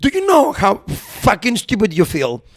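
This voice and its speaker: A young man holds the floor on a casual podcast, a touch high in pitch. He tells his story with gusto, acting out each quoted voice and dropping the odd swear word. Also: moderate pace. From Europe. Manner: animated storyteller who acts out quotes, swears. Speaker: podcast co-host. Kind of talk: casual chat, anecdote.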